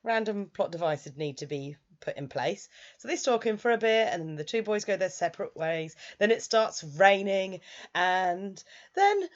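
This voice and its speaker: A woman's voice: medium pitch, lively intonation, normal speed, muffled recording. A woman chatting casually through a frank review, peppering her talk with "like". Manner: chatty, frank, heavy use of "like". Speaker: anime reviewer.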